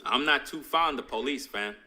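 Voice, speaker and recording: A man's voice: mid-range voice, normal speed, background noise. A man in a clip being reacted to, giving blunt, frank opinions. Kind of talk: opinionated commentary.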